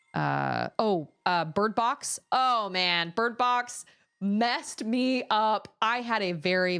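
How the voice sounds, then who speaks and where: A woman streamer chatting casually and rambling about the books she loves. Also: lowish voice. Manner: chatty, rambling, animated when telling stories. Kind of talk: casual chat.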